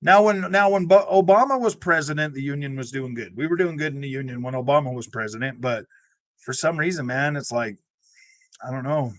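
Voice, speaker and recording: A young man hosts a gaming channel in a casual livestream chat, speaking at medium pitch with a brisk, slightly bright delivery. He rambles loosely, tossing in plenty of "man" and "dude" and laughing often. The close desk mic gives a dry sound with no echo.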